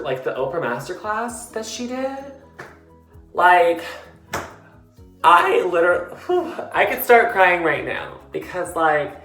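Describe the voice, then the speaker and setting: A man's voice: on the high side, a bit bright. A tipsy man sitting in his bathtub, chatting casually and rambling about books with lots of fillers and giggles. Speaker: book vlogger. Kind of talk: casual rambling book talk. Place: in a bathtub, tiled bathroom. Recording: echoey bathroom with faint music.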